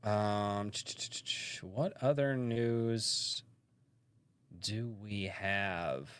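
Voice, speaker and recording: A man's voice: on the low side, extremely slow, clear, resonant tone. A man hosting a live-stream podcast from a rural home, chatting casually and rambling with many fillers and restarts.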